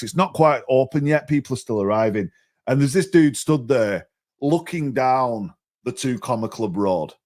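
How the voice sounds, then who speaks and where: Male guest, mid pitch, animated storyteller, stumbles and restarts. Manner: animated, chatty, often repeats words as he restarts. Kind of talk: storytelling in a podcast interview.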